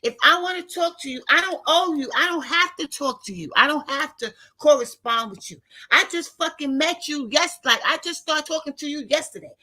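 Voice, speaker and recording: High, bright-voiced fifties woman ranting. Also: normal speed. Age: 50s. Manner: profane, blunt and indignant. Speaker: vlogger talking to her live viewers. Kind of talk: casual ranting monologue.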